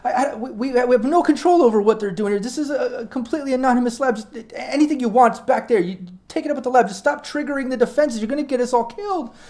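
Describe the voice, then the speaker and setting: A terrified young woman lab tech stammers and begs in a high, breaking voice, as a game master puts her on. She trips over her words in panic, pitched well above the speaker's usual range. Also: fast talker, few pauses, a little mellow. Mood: panicked. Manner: frantic, stammering, pleading.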